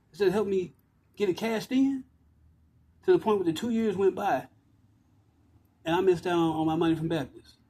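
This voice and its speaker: A man's voice: high-pitched, darkish tone, a little hiss or hum, low-quality recording. A man ranting into his phone outdoors, agitated, profane and repetitive. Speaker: vlogger ranting to camera. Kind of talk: rambling outdoor rant. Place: outdoors by walls and concrete.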